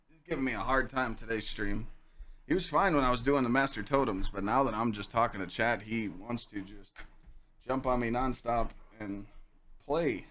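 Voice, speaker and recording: A young man hosting a casual podcast stream, telling stories to chat in a lively, swearing, animated way. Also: mid-range voice. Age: young adult. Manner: animated, swearing, acts out quoted lines in a raised voice. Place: home streaming room with dog on lap.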